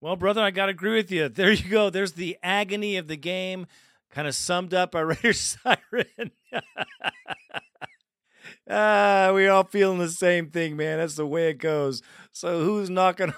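A man hosting a sports fan call-in show, excitable, often laughing and calling callers brother. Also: sits high, a little slow, no room sound. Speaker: podcast host.

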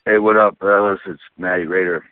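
A man's voice: sits low, fairly even intonation. A man from New York calling in to a sports talk show, venting angrily with heavy profanity. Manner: angry, profane, rapid venting. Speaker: caller. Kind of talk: phoned-in fan rant. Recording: tinny phone line.

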